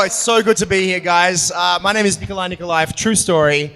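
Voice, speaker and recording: Excitable man hosting a convention panel. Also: sits high, fairly quick, few pauses. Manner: excitable, rambling, lots of fillers. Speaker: panel moderator. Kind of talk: hyping a live convention panel. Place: convention hall stage. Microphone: handheld mic. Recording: reverberant hall with crowd noise.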